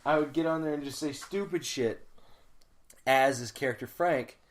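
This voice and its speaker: A man in his thirties who co-hosts a podcast. He rambles through a casual chat, swears freely, laughs often and clears his throat. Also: mid-range voice, moderate pace, a little hiss or hum. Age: 30s. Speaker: podcast co-host.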